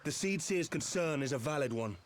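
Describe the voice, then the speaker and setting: An actor playing a gruff, distrustful male inventor in a video game cutscene, blunt and stern. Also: on the high side, lively intonation, a little fast, a little hiss or hum, natural voice.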